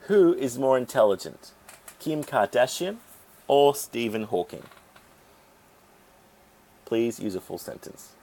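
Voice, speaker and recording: A man teaching an English grammar lesson, explaining rules step by step and sounding out syllables deliberately. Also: mid-range voice, big pitch swings, warm tone.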